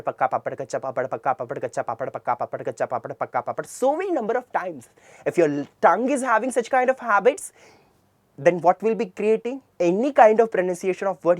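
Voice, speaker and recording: A man's voice: high-pitched, no room sound. A man with an Indian English accent giving an earnest tutorial lecture on communication skills, often asking a question and then answering it himself. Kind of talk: classroom-style tutorial lecture.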